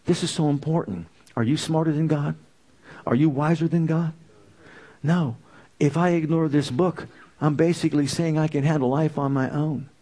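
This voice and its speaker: A man delivering a sermon with emphatic, punchy phrasing. He leans on rhetorical questions and repetition to drive each point home. His voice sits a bit higher than most men's. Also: fairly even intonation, moderate pace, dark tone. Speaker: preacher.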